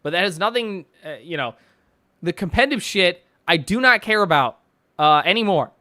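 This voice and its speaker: A man's voice: high voice, expressive, normal speed, bright, forceful tone, no echo, studio quality. A young man casually chatting on a stream and reading donations, rambling and swearing with frequent laughs and fillers. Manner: rambling, profane, laughs often, many fillers.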